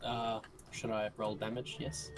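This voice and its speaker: A man's voice: on the low side, little pitch movement, a little slow, faint music behind. Man player narrating his hero in third person. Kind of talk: tabletop role-play.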